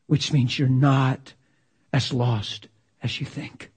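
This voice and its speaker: A man preaching a sermon with passion, swinging from loud exclamations to near-whispers. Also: medium pitch, steady tone, slow, breathy edge.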